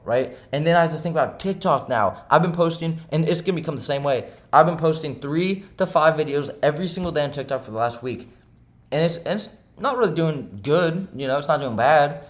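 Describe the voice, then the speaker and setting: A young man vlogging about day trading, rambling and frustrated, repeating questions as he vents. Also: fairly high pitch. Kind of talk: casual confessional monologue.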